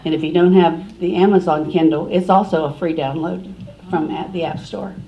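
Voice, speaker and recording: A woman's voice: fairly low pitch, fairly even intonation, moderate pace, lo-fi sound. A woman author at a library forum, talking casually and correcting herself as she answers an audience question. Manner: scattered, self-correcting. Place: library meeting room. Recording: distant room recording with faint hiss.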